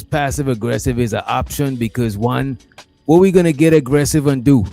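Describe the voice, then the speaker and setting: A man's voice: medium pitch, normal speed, warm tone, faint music behind. A man talking in a laid-back, profane, rambling way during casual banter on an online panel.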